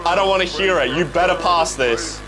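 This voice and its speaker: A young Australian man hosting a manga reaction video, gushing and swearing with excitement as he reads panels aloud between his reactions. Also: high-pitched, moderate pace, over loud music. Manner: excitable, swears freely, gushes. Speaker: reaction channel host.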